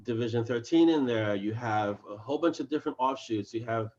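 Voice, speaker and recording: A man's voice: medium pitch, fairly quick, darkish tone. A man in a casual video-call interview, explaining his writing with real energy. His voice sits in an ordinary middle register, and he keeps slipping into his characters' lines. The call audio is muffled and lo-fi. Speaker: fantasy author, interview guest.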